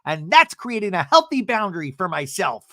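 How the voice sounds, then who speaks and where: A man imitating an indignant, dramatic middle-aged woman who talks loudly and emphatically. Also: high voice, sing-song, normal speed, dry recording, studio quality, pitched above the performer's own voice, exaggerated voice. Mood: defiant. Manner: loud, emphatic, self-righteous. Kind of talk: comedic impression in a recap.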